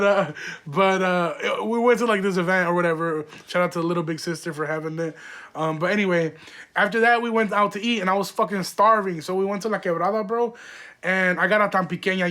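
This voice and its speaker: A man's voice: high voice, fairly bright tone. A young man hosting a podcast, telling rambling, profane stories in slang with lots of fillers. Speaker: podcast host. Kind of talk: casual storytelling monologue.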